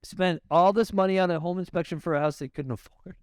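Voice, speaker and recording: A man from Canada telling stories as a guest in a podcast interview, animated and swearing often, with laughs. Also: high-pitched, a little fast, clean tone, dry recording, clean studio sound. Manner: animated, profane, laughing storyteller. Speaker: realtor guest. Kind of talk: casual podcast storytelling. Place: podcast studio.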